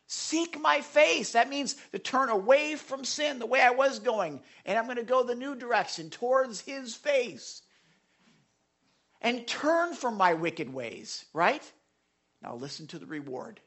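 A male pastor preaching a sermon to his congregation, asking them direct questions and dropping to a hush when he reads scripture. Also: very high-pitched, big pitch swings, measured pace. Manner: emphatic, swings between loud appeals and hushed scripture readings. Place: church sanctuary.

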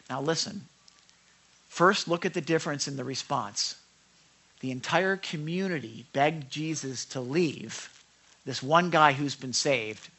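A man preaching a conversational sermon, asking the congregation questions and acting out quoted lines. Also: mid-range voice. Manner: acts out quoted lines with lively voices. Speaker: pastor.

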